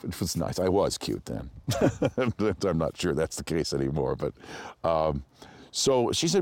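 A man with a very deep, low voice tells rambling, animated stories as an interview guest. He restarts his sentences often and laughs along the way. He slips into higher voices to mimic the people in his stories. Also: normal speed, dry recording. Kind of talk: anecdotal storytelling.

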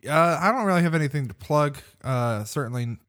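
Man, podcast co-host, rambling, hesitant, laughs often, mid-pitched voice. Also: lively intonation, quick pace, fairly bright tone. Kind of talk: casual podcast chat.

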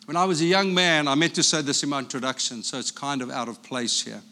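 A man from Africa, a pastor, preaching a sermon in an animated, storytelling way. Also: a little high, fast talker.

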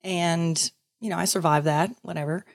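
A woman guest in a casual interview, telling her story in a lively way, acting out other voices and laughing often. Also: on the low side, moderate pace, vocal fry, no echo, clean studio sound.

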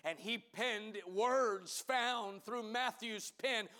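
A man preaching a sermon as pastor, building from measured teaching to fervent shouting. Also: high-pitched.

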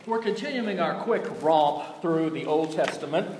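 A man with a Southern US accent, a pastor giving a sermon and reading scripture in a slow, deliberate way with folksy asides. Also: on the high side, music in the background. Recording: echoey church hall, mic at a distance.

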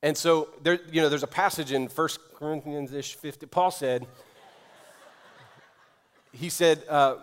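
A middle-aged male pastor preaching a sermon, telling a story and then building to loud, emphatic preaching. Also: medium pitch, fairly even intonation, moderate pace, clean tone.

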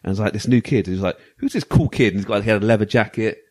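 A man's voice: on the low side, racing. A man, co-hosting a podcast and telling a rambling, laugh-filled story in casual chat. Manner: rambling, animated, laughs often. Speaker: podcast co-host.

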